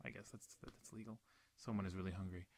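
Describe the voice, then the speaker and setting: A man's voice: deep voice, fairly even intonation, quick pace, darkish tone, breathy edge. A young man hosting a casual podcast chat, telling a profane story full of restarts and fillers. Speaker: podcast host.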